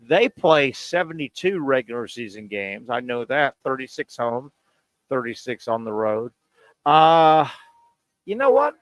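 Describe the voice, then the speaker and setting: A man hosting casual sports radio banter, loud and jokey, swinging from shouting to mumbling. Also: mid-range voice, big pitch swings, unhurried, no echo.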